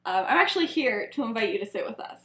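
Woman doing earnest teen boy wizard, calm peacemaker, high-ish voice, echoey room. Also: quick pace. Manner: retold lines in a plain conversational voice.

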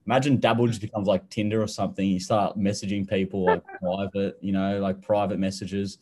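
A man's voice: deep voice, level tone, brisk, hardly any pauses, darkish tone, slight background noise. Laid-back Australian man hosting a podcast. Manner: laid-back, laughs often, swears, repeats words. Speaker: podcast co-host. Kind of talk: casual chat.

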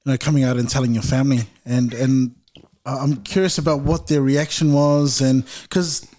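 A man hosting an interview podcast, asking his questions gently and with hesitation. He fills the pauses with ums and trails off as he works out the wording. His voice sits at an ordinary middle pitch. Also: steady tone. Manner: gentle, hesitant, many fillers. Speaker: podcast host.

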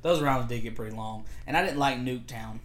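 Over a noisy crowd, a man co-hosting a podcast chats casually and tells stories, animatedly acting out lots of quotes. His mid-range voice moves at a brisk pace.

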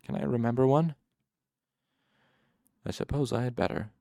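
A man voicing a gentle, patient male caretaker of sick children, speaking in a soft, soothing murmur. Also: mid-range voice, moderate pace, no room sound, studio quality, voice pushed up, lightly acted.

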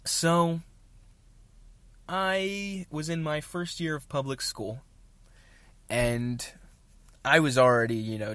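A man's voice: fairly high pitch, fairly bright tone, dry recording. A young man hosting his own show, telling a rambling, self-mocking story in casual chat with jokey asides. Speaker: podcast host.

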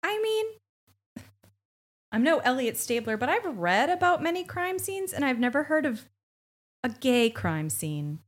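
A woman's voice: high-pitched, sing-song, a little slow, long pauses, a little hiss or hum. A woman co-hosting a podcast, recapping a TV episode in casual chat with sarcastic, swearing asides. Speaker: podcast co-host.

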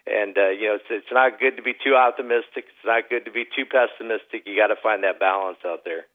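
A man giving a relaxed radio interview as an investment advisor, telling folksy stories with lots of "you know" fillers. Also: on the low side, fairly quick, narrow, tinny audio. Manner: folksy storyteller, many fillers. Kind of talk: casual radio interview chat.

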